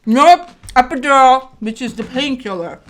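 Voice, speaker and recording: A woman's voice: sits high, expressive, moderate pace. A woman vlogger telling a personal story in a casual way. She acts out the dialogue and keeps checking in with "right?".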